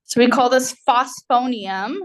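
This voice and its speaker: A woman's voice: on the high side, unhurried. Chatty woman lecturing on chemistry. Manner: conversational, explanatory, with frequent fillers and "right?" checks. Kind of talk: recorded university lecture.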